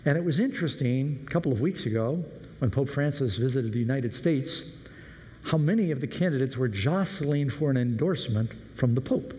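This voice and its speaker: A man preaches in a relaxed, anecdotal storytelling way. His voice is mellow and dark, and a long hall reverb trails behind every phrase. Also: medium pitch, fairly quick. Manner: conversational, anecdotal. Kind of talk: sermon storytelling.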